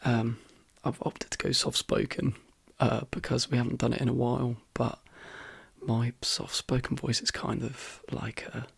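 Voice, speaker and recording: A man hosting a soft-spoken ASMR video in a croaky, hoarse half-whisper, rambling easily between fillers. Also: mid-range voice, little pitch movement, unhurried, dry recording. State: hoarse, voice worn out. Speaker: ASMR channel host.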